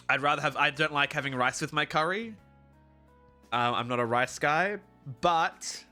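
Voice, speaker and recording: A young male streamer whose voice sits a touch high and rings with a very bright, cutting tone. He talks loosely to his chat, swears freely and launches into mock-heroic rants. It sounds close and direct, like a desk microphone at home. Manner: ranting, profane, mock-heroic outbursts. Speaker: livestreamer. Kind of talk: casual live-stream chat.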